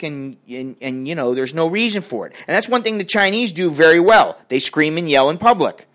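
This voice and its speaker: A man's voice: high-pitched, fairly bright tone. An older man ranting in a crotchety, profane and rambling way as he talks to his viewers. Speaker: vlogger. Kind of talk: casual rant to camera.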